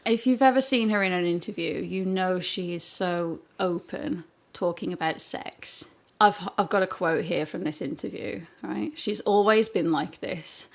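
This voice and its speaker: A woman's voice: on the low side, moderate pace, vocal fry, few pauses. A woman co-hosting a casual podcast, telling gossipy stories with lots of laughter. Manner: giggly, gossipy storytelling. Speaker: podcast co-host.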